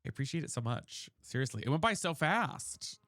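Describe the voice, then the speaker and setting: A man's voice: on the high side, big pitch swings, fairly quick, a bit bright, no room sound, clean studio sound. A man chatting casually on a live game stream, dramatic and chatty, thanking viewers by name. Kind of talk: casual live-stream chat while gaming.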